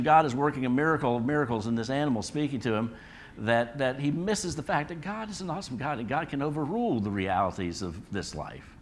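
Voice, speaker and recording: A man's voice: mid-range voice, lively intonation, fairly quick. Guy teaching a bible study, chatty, keeps asking "all right?". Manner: conversational, frequent "all right?" checks. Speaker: preacher.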